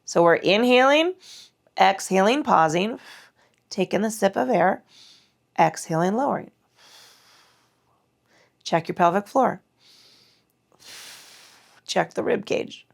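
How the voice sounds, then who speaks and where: A woman with a mid-range, gravelly voice leads a mat Pilates class, doing the moves alongside her students as she cues breath and form. Her intonation is lively but her pace is slow, with long pauses, and her breathing sounds a little strained as she speaks against the muscle contraction.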